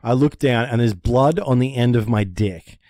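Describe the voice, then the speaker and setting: A man telling a story in casual podcast chat. He swears freely and tells it in an animated way. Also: medium pitch, moderate pace, no room sound, clean studio sound. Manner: animated, profane storyteller who acts out panicked voices. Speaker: podcast co-host.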